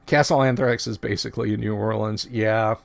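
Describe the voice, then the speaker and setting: A middle-aged man hosts a casual livestream, rambling and chatting while often correcting himself mid-sentence. His voice is fairly low with fairly even intonation, a little fast, and marked by vocal fry.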